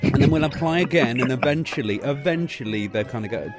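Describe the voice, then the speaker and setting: Sweary British man in lively banter. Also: mid-range voice, quick pace. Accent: British English. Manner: sweary, animated, acts out quoted voices. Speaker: host. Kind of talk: casual group chat on a stream. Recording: music playing behind.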